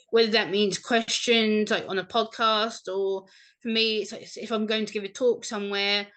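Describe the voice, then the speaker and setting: A woman guest on a casual podcast, talking with warm, gushing enthusiasm. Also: mid-range voice.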